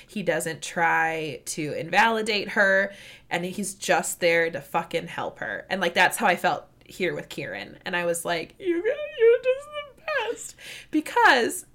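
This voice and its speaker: A woman with a Midwestern accent, chatting casually as a co-host of a book discussion, rambling and animated, swearing and laughing often. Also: on the low side, measured pace. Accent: Midwestern American.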